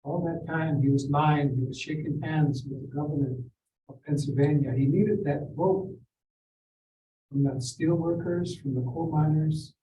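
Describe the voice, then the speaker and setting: Older man, mellow and slightly high, recounting memories from a distance with room echo. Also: muffled recording, a little hiss or hum. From Seneca Nation. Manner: measured, reflective, quotes people in acted voices. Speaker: forum speaker. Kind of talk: personal storytelling. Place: school district forum room. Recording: roomy, distant mic with faint ambience.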